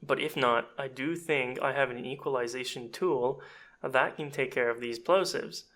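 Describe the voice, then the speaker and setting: A man giving a chatty, self-deprecating audio editing tutorial, explaining step by step as he clicks through software. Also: medium pitch. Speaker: voice actor and casting director.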